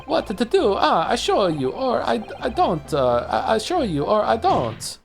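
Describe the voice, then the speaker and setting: A man voicing an excitable, boastful Italian circus performer in a put-on Italian accent, with sing-song phrasing and hesitant fillers. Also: sits high, a little slow, gravelly, soft background music, full character voice. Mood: coy.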